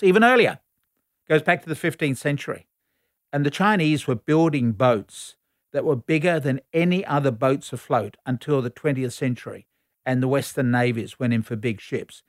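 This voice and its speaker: A man, a foreign affairs commentator answering radio interview questions in a measured, explanatory lecturing tone. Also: on the high side, dry recording, clean studio sound.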